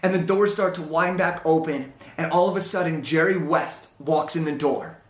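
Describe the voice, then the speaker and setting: Young male motivational speaker, high, animated storyteller, echoey hall sound. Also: normal speed. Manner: animated storyteller, acts out dialogue. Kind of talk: storytelling talk on stage.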